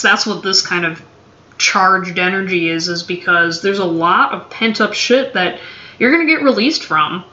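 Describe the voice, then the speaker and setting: Slow blunt woman reading tarot cards. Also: on the low side, sharp tone. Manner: blunt, swears freely, playful drawl. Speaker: tarot reader. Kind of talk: casual tarot reading to camera. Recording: dull, echoey room recording.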